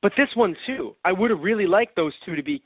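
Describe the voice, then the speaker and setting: A man co-hosts a casual podcast and talks in an animated way. His voice sits high and swings widely in pitch. The sound is dry and narrow, like a phone line. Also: fast, no room sound. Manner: animated, acts out mock quotes. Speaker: podcast co-host.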